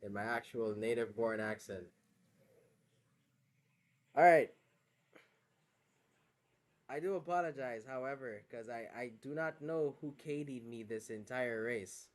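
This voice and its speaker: Streaming a racing game, this man chats in a mid-range voice, speaking a little slowly with long pauses. His West African English accent comes through on the phone call, and his casual gaming-stream talk is laid-back, full of slang and frequent laughter.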